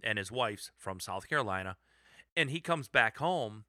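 Brief: middle-aged Midwestern co-host, giggly sidekick, very bright sharp tone, dry close mic. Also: male voice, on the low side, lively intonation, normal speed, no echo. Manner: giggly, interrupts with asides. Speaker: podcast co-host. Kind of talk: casual chat.

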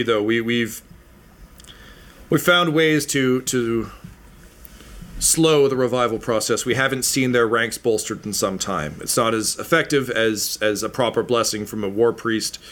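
A man voicing a weary army captain in a tabletop game, speaking in a measured, hesitant, grave way. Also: fairly low pitch, a bit bright.

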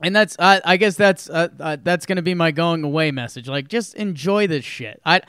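Smooth-voiced man ranting about sports. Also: on the high side, normal speed, fairly bright tone, no room sound, clean studio sound. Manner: emphatic, rants in long run-on sentences. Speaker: podcast co-host. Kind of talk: casual sports chat.

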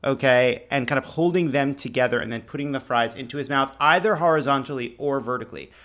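A man's voice: mid-range voice, fast talker, fairly bright tone. A man co-hosting a podcast, telling a long story in casual chat with bursts of laughter and emphatic asides. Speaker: podcast co-host.

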